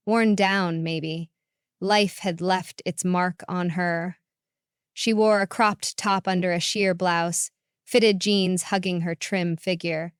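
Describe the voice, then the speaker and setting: A woman narrating a first-person story in a calm, reflective way. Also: lowish voice, clear, resonant tone, no room sound, clean studio sound.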